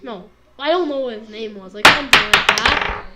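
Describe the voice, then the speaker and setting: A woman's voice: a little high, heavy background noise. A woman casually reviewing an anime episode, rambling with lots of fillers and acting out bits of dialogue. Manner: rambling, full of fillers and quick impressions.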